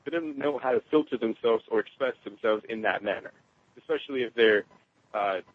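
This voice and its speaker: A man telling a personal story in casual conversation, animated and laughing often. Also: brisk. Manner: animated, quotes others in raised pitch, laughs often. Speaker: guest. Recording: tinny phone line.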